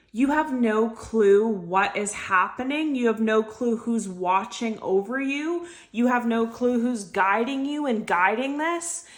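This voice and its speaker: A woman giving an intuitive tarot reading to her viewers, talking in an earnest, emotional way and repeating her phrases. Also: fairly high pitch. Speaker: tarot reader.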